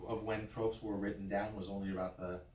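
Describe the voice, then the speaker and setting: Playful cantor teaching a class. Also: male voice, lowish voice, flat delivery, a little fast, a little mellow, a little hiss or hum. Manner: playful, uses memory tricks. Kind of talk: teaching a class, explaining with sung examples. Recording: roomy and from far off.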